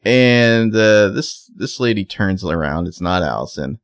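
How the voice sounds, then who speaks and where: A man with a deep, low voice talks through a TV episode in loose, rambling podcast chat, laughing now and then. The recording is dry and close, with no room sound. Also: lively intonation, unhurried, dry recording. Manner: rambling, conversational, laughs often. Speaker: podcast co-host. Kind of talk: casual TV episode recap chat.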